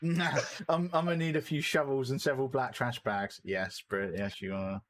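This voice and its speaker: A man's voice: mid-range voice, fairly even intonation, normal speed. Teasing man streaming. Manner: chatty, teasing, laughs often. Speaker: streamer host. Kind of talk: casual stream banter.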